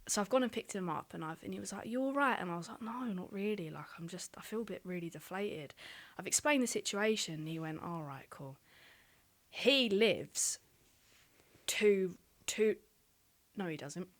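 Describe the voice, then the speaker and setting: A woman's voice: mid-range voice, expressive, moderate pace. A young woman telling a candid, sweary story on a casual podcast chat. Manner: candid, swears freely, lots of "like". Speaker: podcast co-host.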